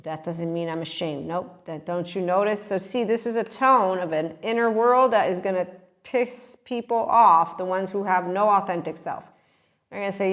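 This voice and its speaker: A woman hosting a podcast, talking in a casual monologue, animated and laughing often as she talks to her listeners. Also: mid-range voice, moderate pace. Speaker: podcast host.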